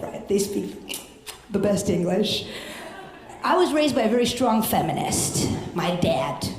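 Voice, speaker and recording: A woman's voice: mid-range voice, darkish tone. A young woman doing a stand-up comedy set, brash and profane with punchy delivery, on a handheld mic at a comedy club stage. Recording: roomy club sound.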